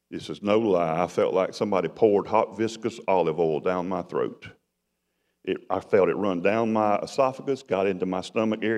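Man preaching in a reverberant hall. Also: sits low. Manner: dramatic storytelling, swings from loud to hushed. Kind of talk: sermon testimony.

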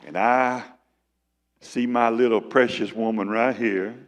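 A male pastor preaching a sermon, fervent and emphatic, building louder and then dropping to a low, quiet tone. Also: fairly even intonation, unhurried, big-room sound.

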